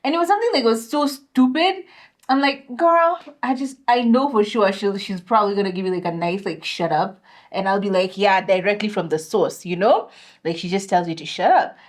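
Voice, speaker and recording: A young adult woman, co-hosting a casual chat and telling an animated story, dropping Swahili slang into her English. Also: mid-range voice, fairly quick. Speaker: podcast co-host.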